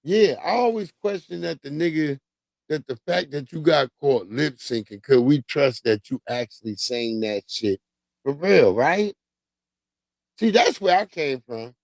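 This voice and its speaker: A man's voice: on the high side, expressive, unhurried, vocal fry, darkish tone, dry recording. A man hosting a livestream, riffing casually with loose, profane storytelling and frequent laughs. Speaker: livestream host.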